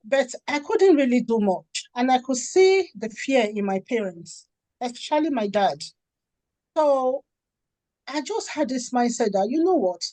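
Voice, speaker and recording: A middle-aged woman from Nigeria, a charity founder and author, talking in an interview and acting out the dialogue in her stories with lively energy. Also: high voice, a little slow, dry recording. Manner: animated storytelling, acts out quoted dialogue. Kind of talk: conversational interview.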